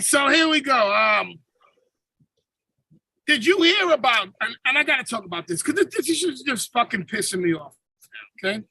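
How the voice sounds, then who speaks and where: A podcast host with a very high, sharp-toned voice rants over a video call, telling stories full of swearing and slang in a casual, comedic way. The audio is poor, with no room sound.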